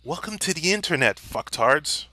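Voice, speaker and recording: A young man's high, very bright voice rises and falls wildly as he rants in fury, swearing and shouting. The sound is dry and close, with no room echo. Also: expressive, moderate pace. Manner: furious, profane, shouting at times. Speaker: vlogger. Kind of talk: angry rant.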